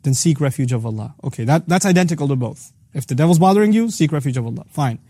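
A man gives a religious lesson at a rapid clip, his voice mellow and soft-edged. He explains each verse earnestly, restating it several ways and slipping quickly into Arabic recitation. The sound is dry and close, with no room around it. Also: on the high side, animated, dry recording. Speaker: Quran teacher hosting a series.

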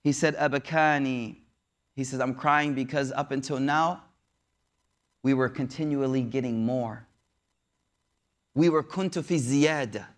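A man preaching a story sermon in a casual, slangy way, moving between hushed, soft passages and excited bursts. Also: medium pitch. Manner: casual slangy preaching, recites Arabic verses quickly.

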